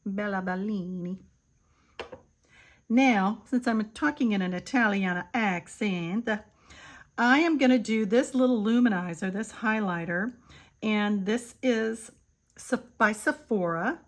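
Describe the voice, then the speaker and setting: An older woman giving a chatty makeup tutorial, calling her viewers "kids" and sometimes dropping to a soft murmur. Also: medium pitch, unhurried. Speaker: beauty vlogger.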